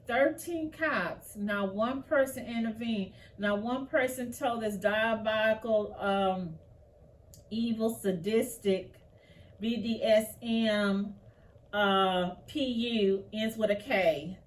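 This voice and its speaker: A woman's voice: on the high side, takes it slowly, far from the mic. Impassioned woman news commentator. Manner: impassioned, indignant, outspoken. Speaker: commentary channel host.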